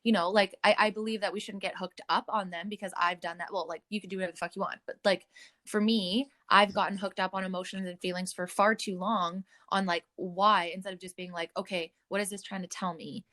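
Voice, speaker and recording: A young adult woman hosts a casual podcast at an ordinary mid-range pitch. She talks candidly and swears easily, often breaking into laughter. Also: fairly even intonation, brisk, pushed and bright. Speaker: podcast host.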